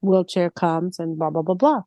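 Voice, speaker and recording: A woman's voice: fairly low pitch, normal speed, dry recording, dull audio. A woman co-hosting a casual podcast chat, telling stories animatedly and acting out quoted lines. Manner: animated storytelling with acted-out quotes. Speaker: co-host.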